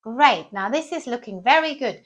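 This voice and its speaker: A woman's voice: on the high side, lively intonation, normal speed, a bit bright. A woman giving a cheerful, encouraging drawing lesson to children, often asking the viewers questions. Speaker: children's art teacher.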